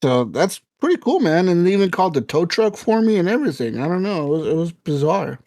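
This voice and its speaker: A man's voice: high-pitched, big pitch swings, quick pace, darkish tone, no echo. Guy on a podcast telling a wild story, cussing and laughing, voices the people he quotes, dry sound. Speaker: podcast co-host. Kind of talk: casual storytelling chat.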